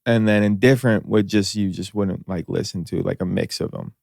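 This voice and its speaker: An animated male comedian on a podcast who tells stories by acting out other people's voices. He swears freely and bursts into loud bits. The recording is close and dry. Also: lowish voice, fairly quick, gravelly, dry recording. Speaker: comedian guest. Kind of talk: casual chat.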